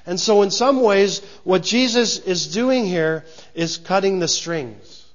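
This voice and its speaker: A man's voice: high-pitched, slow, highs cut off. A male pastor preaching a sermon in a conversational way, often repeating words and restarting phrases.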